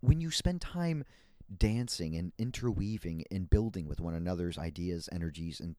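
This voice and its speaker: A man's voice: low voice, lively intonation, moderate pace, mellow, no echo, studio quality. A man hosting a solo podcast, rambling in a playful, meandering way with frequent laughs and restarts. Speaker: podcast host.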